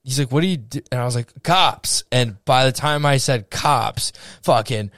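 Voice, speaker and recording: A man's voice: medium pitch, moderate pace, dry recording, clean studio sound. A young man co-hosting a podcast, telling a story in casual chat, swearing and acting out what people said. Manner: animated storyteller, swearing, acts out quotes. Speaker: podcast co-host.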